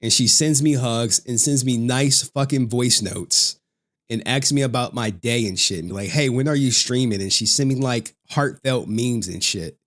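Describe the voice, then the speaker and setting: Profane, heated livestream host. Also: male voice, mid-range voice. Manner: profane, heated, swearing constantly. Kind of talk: casual livestream rant.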